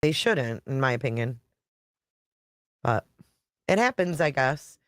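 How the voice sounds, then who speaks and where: A woman's voice: extremely low pitch, animated, a little slow, a bit bright, no echo, clean studio sound. A woman YouTube creator talking casually on a live stream, chatty and blunt, reading viewer comments and swearing now and then.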